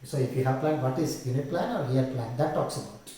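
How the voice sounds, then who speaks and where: A man's voice: medium pitch, a little fast, warm tone, slight background noise. A man, giving an exam-prep lecture on teaching methods and walking through questions with the key terms repeated. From India. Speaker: English teacher. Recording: very echoey room, voice from a distance.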